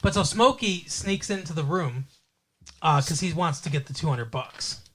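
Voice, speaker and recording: A man's voice: a little high, lively intonation, normal speed, fairly bright tone, slight background noise. A man co-hosting a podcast, casually retelling a movie plot in a loose, profane way. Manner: loose and profane, with frequent fillers and laughs. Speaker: podcast co-host.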